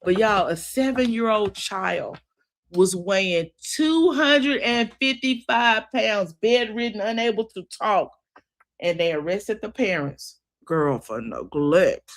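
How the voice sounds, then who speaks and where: A woman's voice: medium pitch, expressive, slow pace. A woman hosting a casual news commentary show, folksy and chatty, talking straight to her listeners. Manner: chatty, folksy, addresses listeners as y'all and child. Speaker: host.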